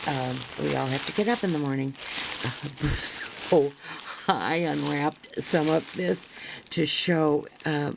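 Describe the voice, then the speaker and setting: An older woman with a gravelly voice, a craft vlogger chatting to camera as she unpacks a parcel, gushing and rambling with restarts, sometimes dropping to a near-whisper. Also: low-pitched, slow, noisy background. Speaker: craft vlogger showing a haul. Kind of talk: casual show-and-tell to camera.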